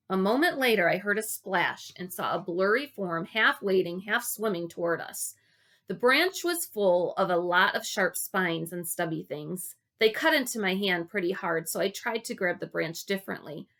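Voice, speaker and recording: A woman reading a children's book aloud, telling the story in an expressive, unhurried way. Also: mid-range voice. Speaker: reader.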